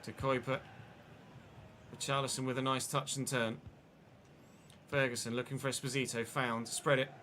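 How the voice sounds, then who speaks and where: This gaming streamer talks at normal speed with long pauses, his medium-pitched voice level in tone but pushed and bright. He narrates a football video game live, cursing frequently and venting frustration, over a little hiss or hum.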